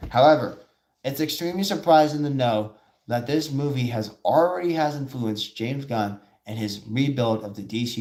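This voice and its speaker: Rambling excitable male show host. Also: medium pitch. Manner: rambling, excitable, acts out quoted voices. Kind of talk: casual live-stream commentary.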